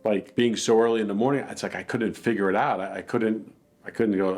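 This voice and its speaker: A man's voice: lowish voice, steady tone, brisk. A man earnestly telling a personal account in a plainspoken, reflective way. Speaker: dog attack victim telling his story.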